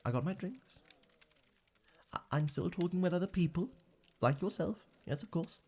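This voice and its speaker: Casting: a man as a courteous male tavern keeper for ASMR role-play, warm mellow tone, lively pitch, soft halting politeness, faint music underneath. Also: gravelly, slight background noise, full character voice.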